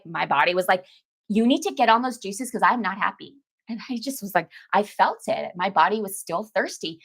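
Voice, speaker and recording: Speaking at medium pitch with a slightly bright quality, a woman detox coach talks casually to viewers during a live stream. She hammers points home by repeating phrases and calls her audience "baby" and "girl."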